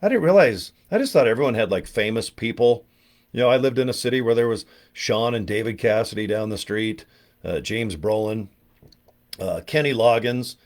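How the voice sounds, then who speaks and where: A California man in his fifties, an online marketer, tells rambling, joking stories in a casual monologue. He's an animated, chatty storyteller with a lowish voice and a moderate pace.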